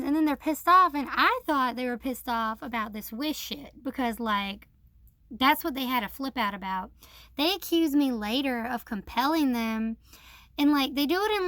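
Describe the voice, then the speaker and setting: High-voiced woman venting with casual profanity. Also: a bit bright, no room sound. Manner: frank and profane, with many fillers; aggrieved, quoting others in a mocking tone. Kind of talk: casual vlog storytelling.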